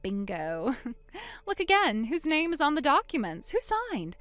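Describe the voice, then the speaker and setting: Woman playing a quiet vengeful sister, cool and sarcastic, dry close sound, faint music behind. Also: high voice, wildly swooping pitch, measured pace, dry recording, exaggerated voice. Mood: cold triumph. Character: calm, vengeful young woman springing a trap. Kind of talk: text-story voice acting.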